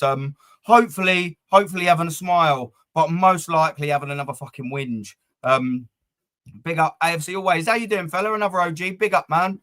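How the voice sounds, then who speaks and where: A man's voice: fairly high pitch, fairly bright tone. A man hosting a football fan live stream, rambling and swearing freely as he chats to his viewers. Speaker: football fan channel host. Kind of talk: casual live-stream chat.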